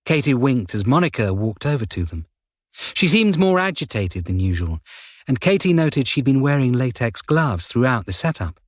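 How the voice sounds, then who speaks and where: Male audiobook narrator, steady and measured, dry studio sound. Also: medium pitch, no echo. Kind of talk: scripted narration.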